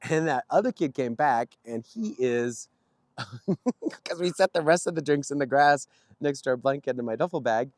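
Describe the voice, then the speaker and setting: A man's voice: medium pitch, animated, normal speed, a little mellow, dry recording, studio quality. A man vlogging outdoors near a street, telling a story casually in a rambling way with frequent chuckles. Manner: rambling, chuckling, with many fillers.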